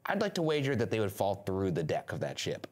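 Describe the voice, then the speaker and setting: A man's voice: low voice, huge pitch swings, darkish tone. A man co-hosting a show, reacting to a story in a skeptical, wry way. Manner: skeptical, wry and quick to quip. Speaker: co-host listening and reacting. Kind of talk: casual chat.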